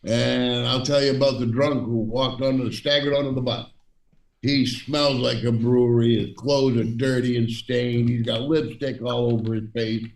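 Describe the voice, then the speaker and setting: A man tells a joke at a relaxed, easygoing pace. His voice is gravelly, and it comes from far off the mic in a roomy, echoing space. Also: mid-range voice, moderate pace. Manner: easygoing storyteller. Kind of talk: telling a joke on a live stream. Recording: echoey room, distant from the mic.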